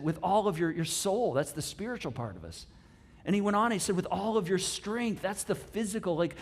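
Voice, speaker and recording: Animated high-voiced pastor. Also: male voice. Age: middle-aged. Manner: animated and chatty, with many restarts and asides. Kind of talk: conversational sermon.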